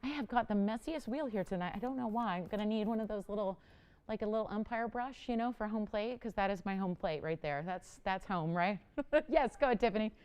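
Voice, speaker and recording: A middle-aged woman hosts a live jewelry sales show with a smooth, clear voice. She talks in a chatty, enthusiastic way and leans hard on her selling points. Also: mid-range voice, brisk, a little mellow. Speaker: jewelry shopping host. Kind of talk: live home-shopping sales pitch.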